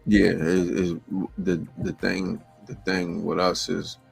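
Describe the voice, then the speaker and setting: A man's voice: sits low, flat delivery, slow pace, creaky, slightly rough, soft background music. A man co-hosting a podcast in casual chat, laid-back and full of slang. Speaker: podcast co-host.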